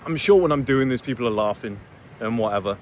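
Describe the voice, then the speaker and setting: Animated and fast, a motivational vlogger addresses the camera on his own channel in a blunt, profane, rambling monologue. His voice is mid-range, and the audio carries a little hiss or hum.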